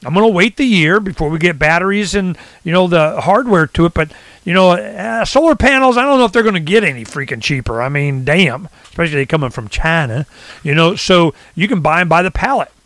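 A man talking in a casual rant, rambling and animated, often acting out what others say. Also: high-pitched, a little fast, no room sound. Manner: rambling, animated, swings into quoted voices. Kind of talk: casual ranting chat.

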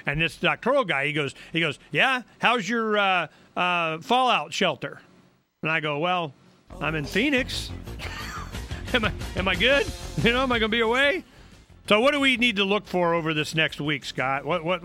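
A middle-aged man hosting a talk radio show, rambling in a loose, animated, colloquial way. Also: fairly high pitch, a little fast, faint music behind. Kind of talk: casual political talk radio.

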